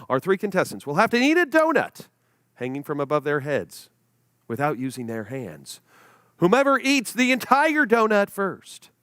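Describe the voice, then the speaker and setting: A man's voice: mid-range voice, no room sound. A man hosting a charity gala livestream, calling a party game play-by-play and laughing between lines. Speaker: gala host. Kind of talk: livestream emcee, game commentary.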